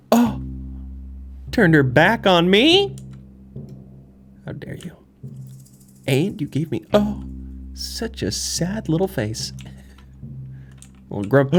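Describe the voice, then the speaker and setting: A gaming YouTuber giving playful, giggly let's-play commentary, cooing at little creatures in the game. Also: medium pitch. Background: game music.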